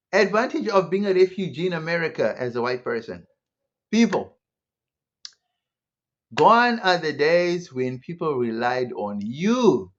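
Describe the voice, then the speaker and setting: A sarcastic man delivers an opinion monologue with a lively, swooping pitch that sits fairly high. He keeps firing rhetorical questions. The audio is slightly dull and lo-fi. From South Africa. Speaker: online commentator.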